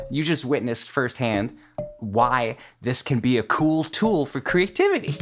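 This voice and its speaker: A man with a Midwestern accent hosting a casual music vlog, talking in an earnest, musing way with playful asides. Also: medium pitch. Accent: Midwestern American. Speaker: music video host. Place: music studio.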